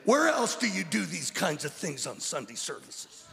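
A man preaching a sermon at a church service as a guest speaker, emphatic and stammering, swinging from shouts to hushed words. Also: on the high side, sing-song, normal speed, gravelly, in a large hall, very noisy.

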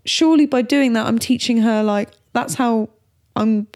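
A young woman chatting casually as a parenting podcast co-host, animated and acting out quotes. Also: normal speed. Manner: animated, acts out quotes with big pitch jumps. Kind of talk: casual chat.

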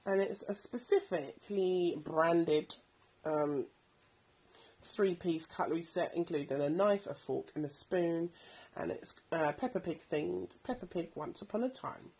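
Woman, 30s, podcast host; husky and slightly low, rambling and chatty. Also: measured pace, darkish tone, rough recording. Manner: chatty, rambling, many ums. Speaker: podcast host recommending bargain buys. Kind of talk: casual product recommendations.

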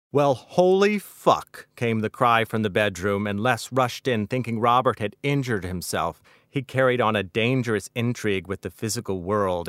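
Smooth, low-voiced man reading his novel. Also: fairly bright tone, dry recording, clean studio sound. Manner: measured, wry literary narration. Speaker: author.

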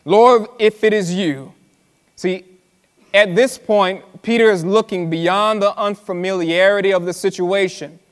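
Speaking in a high, smooth voice with a steady tone, this pastor delivers a sermon full of stretched-out words and repeated lines. He addresses the congregation directly and conversationally, urging them to listen, and the live recording carries the church hall's reverb.

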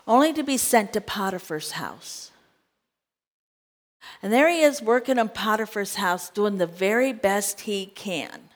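A woman preacher with a slightly high voice delivers a sermon at an unhurried, drawn-out pace. She tells a scripture story dramatically, voicing the characters as she goes. She keeps turning to the congregation with direct questions. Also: lively intonation, fairly bright tone.

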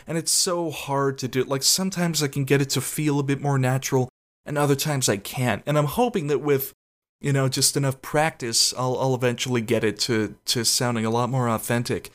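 Brief: male podcast host with a medium-pitched voice, casual, rambling and profane. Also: a little fast. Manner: rambling, profane, with frequent self-conscious laughs. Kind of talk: casual solo podcast chat.

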